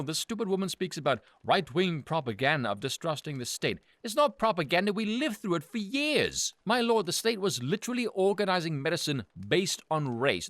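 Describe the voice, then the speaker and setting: A man rants through political commentary in an angry, sarcastic and profane way. His voice is bright and tense, and his pitch swings widely between sneering lows and indignant highs. The sound is dry and close, with no room around it. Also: dry recording. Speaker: political commentary channel host.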